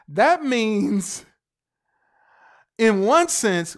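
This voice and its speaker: A man's voice: fairly high pitch, animated. A man preaching a sermon to his congregation, stretching key words for emphasis, spelling them out letter by letter and calling out to the church. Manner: emphatic, drawn-out stresses on single words; calls out to the congregation.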